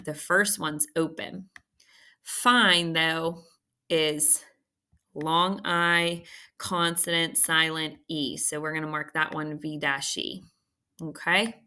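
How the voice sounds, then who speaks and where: A woman teacher walking students through a recorded phonics lesson, patient and checking in often with a quick "okay?". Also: low voice, steady tone, sharp tone.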